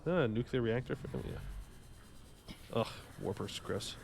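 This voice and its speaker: A man's voice: medium pitch, lively intonation, slow, vocal fry, background noise. A young man streaming a game live, joking, rambling and bantering with his chat in a casual way. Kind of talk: casual gaming livestream commentary.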